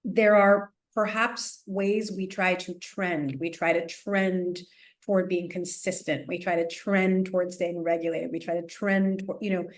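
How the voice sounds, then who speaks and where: A woman speaking as a parenting expert guest in a casual podcast interview, animated and chatty, with frequent restarts, fillers and little laughs. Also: lowish voice, a little slow. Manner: laughs often while explaining.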